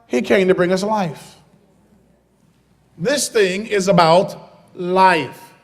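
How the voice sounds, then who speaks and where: A man preaching a sermon as pastor from the pulpit, starting calm and building to loud, shouted preaching. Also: sits high, takes it slowly, long reverb tail. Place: church sanctuary.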